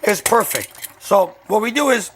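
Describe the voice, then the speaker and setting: A man's voice: sits high, lively intonation, unhurried, a bit bright, slight background noise. Chatty man hosting a cooking show. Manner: chatty, keeps checking in with "okay?". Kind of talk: casual cooking demonstration. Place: home kitchen.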